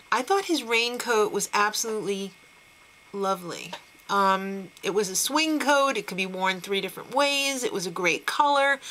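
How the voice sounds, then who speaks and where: Bright-voiced chatty woman recapping TV. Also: medium pitch, slight background noise, rough recording. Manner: chatty, opinionated, laughs between remarks. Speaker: recap show host. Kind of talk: casual TV recap monologue.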